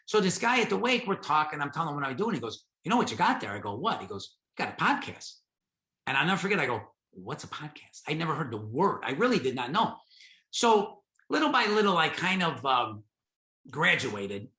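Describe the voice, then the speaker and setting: A middle-aged man tells stories from his life in an oral history interview, acting out the dialogue. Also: mid-range voice. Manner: animated, acts out his own dialogue. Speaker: interviewee, podcast host. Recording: roomy echo.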